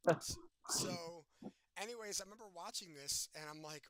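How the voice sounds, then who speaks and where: A man's voice: sits high, lively intonation, measured pace, pauses often, sharp tone. A young man chatting casually as a host, retelling a story in a rambling, giggly way full of fillers.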